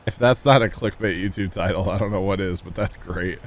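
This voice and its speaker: A man with a low voice talks fairly quickly, chatting casually with viewers as he streams a farming game. He rambles through folksy stories and asides in a relaxed livestream style.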